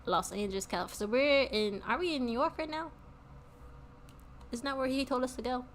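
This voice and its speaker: A woman's voice: sits high, brisk, a little hiss or hum. A woman streaming a game, chatting casually with her viewers and often laughing. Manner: chatty, laughing, talks to chat. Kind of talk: casual let's-play commentary.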